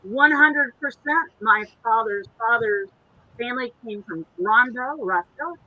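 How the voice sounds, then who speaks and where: A woman's voice: a little high, unhurried, phone-quality sound. A woman co-hosting a casual online chat show, reading viewer comments aloud in a chatty way. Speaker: co-host.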